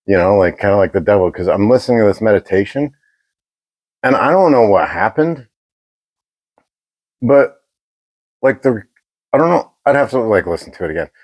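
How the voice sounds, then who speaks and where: A man's voice: lowish voice, expressive, moderate pace, long pauses, darkish tone, no echo. A man co-hosting a podcast, telling a rambling, profane story in casual chat. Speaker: podcast co-host.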